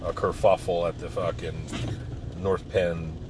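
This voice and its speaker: A middle-aged man talking in a casual, rambling monologue, profane and given to sudden loud outbursts. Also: deep voice, flat delivery, unhurried. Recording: loud road noise behind.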